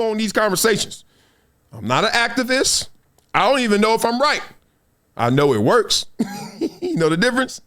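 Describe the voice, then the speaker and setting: Lively, high-voiced male podcast host. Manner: preachy, dramatic, acts out quotes. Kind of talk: animated commentary.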